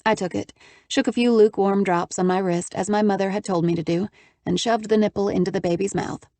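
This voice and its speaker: A woman narrating an audiobook in a steady, measured way. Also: medium pitch, no room sound.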